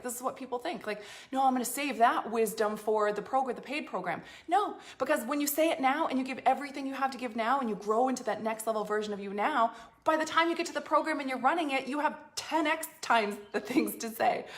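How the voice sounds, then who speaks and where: A woman business coach giving a blunt, emphatic motivational talk to her followers, swearing freely and acting out inner doubts. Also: a little high. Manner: emphatic, blunt and swearing, swings into emotional acted-out inner monologues.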